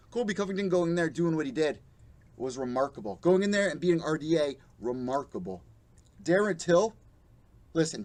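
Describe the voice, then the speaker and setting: A young adult man hosting a live MMA show, ranting bluntly and profanely and mocking the fighters he quotes. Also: on the high side. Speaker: podcast host. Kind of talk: live-streamed MMA commentary rant.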